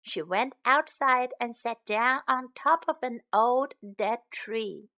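A woman narrating a children's storybook for English learners. She reads slowly and clearly, in a high, bright, expressive voice.

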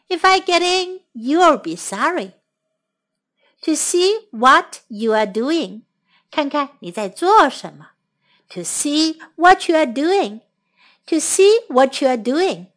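A woman whose first language is Mandarin Chinese, teaching English to children and repeating each phrase slowly. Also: high-pitched, a bit bright. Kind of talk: bilingual lesson for children.

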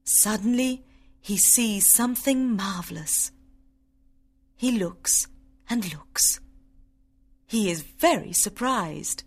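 Slow careful woman reading a storybook for learners of English. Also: mid-range voice. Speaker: narrator. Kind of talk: graded-reader audiobook narration for English learners.

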